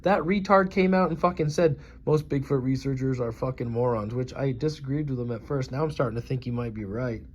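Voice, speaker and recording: A man's voice: medium pitch, brisk, hardly any pauses, a little mellow, lo-fi sound. A man in his forties from the United States, ranting in a profane, scornful and combative vlog monologue. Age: 40s. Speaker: YouTuber.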